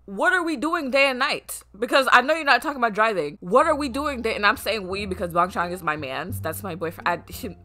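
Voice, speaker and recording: A young woman reacting to a music video, excitable and dramatic, talking straight to her viewers. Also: medium pitch, fast, hardly any pauses. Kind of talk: casual reaction commentary. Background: faint music.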